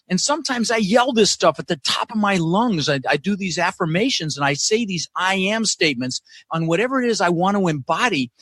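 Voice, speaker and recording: Man, podcast guest, energetic, emphatic, slightly high voice, dry sound. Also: slightly rough, no echo. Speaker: podcast guest, real estate investor. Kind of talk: casual interview talk. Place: home office. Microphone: no video, audio call.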